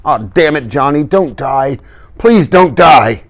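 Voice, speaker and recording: A man's voice: on the low side, animated, brisk, pitched above the performer's own voice, natural voice. A man voicing a reckless, tough teenage greaser boy who talks in urgent, commanding street slang. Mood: desperate.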